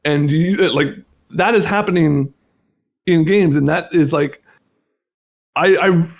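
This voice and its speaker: A young man speaking as an interview guest in casual conversation, halting with many restarts and fillers. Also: fairly high pitch, vocal fry.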